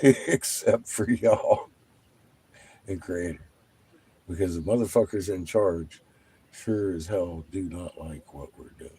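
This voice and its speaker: A man hosting his own channel, talking casually to viewers, animated and profane, laughing often. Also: low voice, takes it slowly, pauses often, a little hiss or hum. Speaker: channel host.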